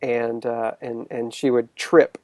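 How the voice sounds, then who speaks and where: A man talks in a relaxed, chatty manner as a co-host, breaking into easy laughter. His pitch sits in the middle range. The recording is dry and close, with no room sound. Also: takes it slowly, no echo. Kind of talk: casual conversation.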